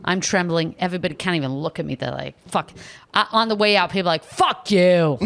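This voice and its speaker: A young woman hosts a podcast with a somewhat low voice, telling a story in casual, comedic fashion. She exaggerates the retelling and breaks into sudden loud outbursts. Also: fast, creaky, slight background noise. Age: young adult. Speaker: podcast host.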